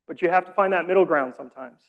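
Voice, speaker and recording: A man leading a community training session, explaining calmly with casual, self-deprecating asides. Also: a little high, fast, phone-quality sound. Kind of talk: training presentation.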